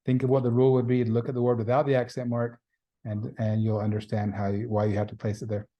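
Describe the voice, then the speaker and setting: A man's voice: mid-range voice, level tone, quick pace, lo-fi sound. A man teaching a beginning Spanish class in a recorded lecture, explaining grammar patiently and repeating the key points. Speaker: Spanish instructor.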